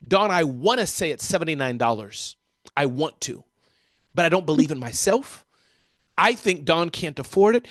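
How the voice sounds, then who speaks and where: A high-pitched American man talks with lively, animated energy, answering interview questions like a seasoned keynote speaker. His voice sounds dry and close, with no room in it. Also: moderate pace, dry recording. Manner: energetic, animated, often addresses the interviewer by name.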